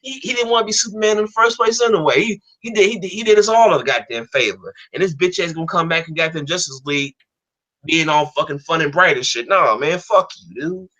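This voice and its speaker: A man's voice: a little high, fast talker, pushed and bright. A man ranting in casual talk, angry and profane, often repeating himself as he argues. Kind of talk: heated casual rant.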